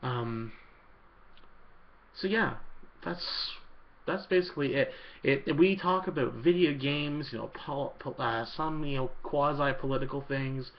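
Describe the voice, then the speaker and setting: A man's voice: medium pitch, a little slow. Rambling man on a lo-fi vlog. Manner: rambling, relaxed, many ums and uhs. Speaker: YouTuber answering viewer questions. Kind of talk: casual Q&A vlog.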